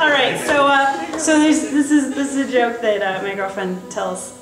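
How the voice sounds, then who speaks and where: A woman's voice: high voice, expressive, a little slow, hardly any pauses, over a noisy crowd. A young woman in her twenties chatting between songs at her recital, rambling and laughing at herself. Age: 20s. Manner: giggly, rambling, self-deprecating. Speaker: student performer introducing songs. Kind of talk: casual stage banter. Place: recital hall on stage. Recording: roomy live recital from far off.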